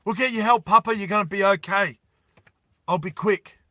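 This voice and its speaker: A man voicing an eager young son who talks fast and urgently in a storytelling video. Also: high-pitched, fairly even intonation, sharp tone, dry recording, clean studio sound, voice pushed up.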